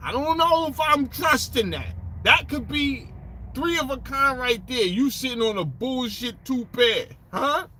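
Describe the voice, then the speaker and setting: A man rants in casual commentary with a very high, bright and sharp voice that leaps up and down. He talks profanely and sarcastically in street slang, wandering through restarts and asides. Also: animated, unhurried, slight background noise. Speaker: political commentator.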